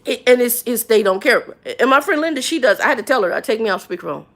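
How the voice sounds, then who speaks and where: A middle-aged woman chatting casually on a livestream, telling animated, slangy stories about work and repeating herself as she gets riled. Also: a little high, quick pace. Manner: animated storytelling, voice jumps up when riled; slangy, frank, repeats words. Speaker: livestream host.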